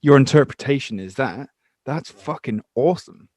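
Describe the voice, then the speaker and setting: A laid-back man chatting as a podcast guest, easygoing and sprinkling in swear words. His pitch is ordinary for a man. The sound is dry and close, with no room echo. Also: expressive, moderate pace, darkish tone. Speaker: guest musician. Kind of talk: casual chat.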